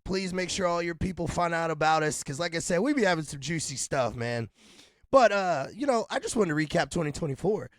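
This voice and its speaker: Raspy guy hosting a podcast, kinda high for a man, dry close sound, rambles and laughs a lot. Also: expressive, brisk, no room sound. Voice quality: raspy, deep. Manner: loose, laughing, rambling with shout-outs. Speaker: podcast co-host. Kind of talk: casual podcast chat.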